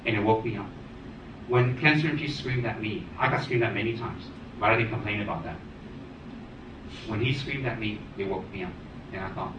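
A man giving a dharma talk as a Buddhist teacher, animated and teasing, rattling off long lists. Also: on the low side, fairly quick, long pauses, noisy background. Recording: echoey room, distant dull mic.

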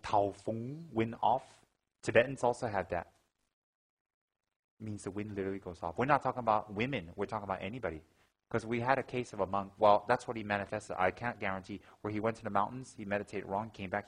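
A Buddhist teacher with a fairly low voice gives a dharma talk at a quick pace on a rough recording. An animated storyteller, he shifts between teaching and lively anecdotes, acting out gasps and quoting the people in his stories.

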